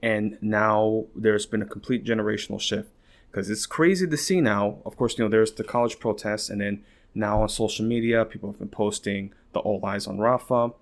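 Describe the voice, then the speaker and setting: A man's voice: fairly low pitch, steady tone, moderate pace. A man hosting a casual political podcast, rambling with lots of filler words, swearing and incredulous laughter. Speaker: podcast host.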